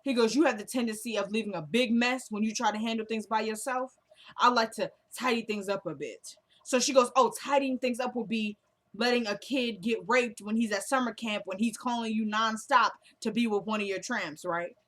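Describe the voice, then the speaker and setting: A woman's voice: a little high, moderate pace, a bit bright. A chatty woman recapping a TV episode in casual talk, acting out the characters' lines as she goes. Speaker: recap vlogger.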